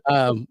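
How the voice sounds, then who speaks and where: A man's voice: medium pitch, a bit bright, no room sound. A man co-hosting a podcast, chatting casually and then reading a prepared history script while a bit under the weather. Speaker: podcast co-host.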